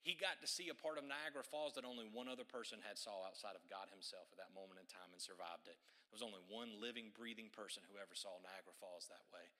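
A man preaching a sermon, telling a story with joking asides and animated delivery. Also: on the low side, fast talker.

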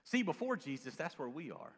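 A pastor with a light Southern US drawl preaching with a lively, swooping delivery, his voice a little higher than most men's. He bursts into loud exclamations, then drops to hushed asides. Long reverb from the church hall trails behind him. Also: brisk, husky. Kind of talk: sermon.

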